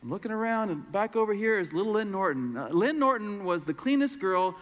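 A middle-aged man preaches and tells a story from the pulpit. He acts out the people in it in a high, very lively voice. A long reverb from a large hall trails behind him. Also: brisk. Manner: animated storyteller acting out voices. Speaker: pastor. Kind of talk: sermon storytelling.

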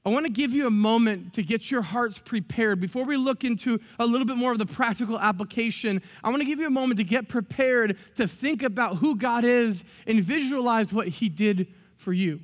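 A man with a strikingly high voice preaches a sermon from a church stage. He delivers it in an animated way, acting out little scenes, and his words ring out with a long hall reverb. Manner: animated, acts out scenes with quick asides. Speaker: pastor. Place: church sanctuary.

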